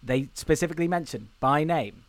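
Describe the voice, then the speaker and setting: A man's voice: a little high, fairly quick, no echo. A man co-hosting a podcast, casually recapping a film scene by scene and acting out lines as he goes. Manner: animated retelling, acts out film lines. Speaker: podcast co-host.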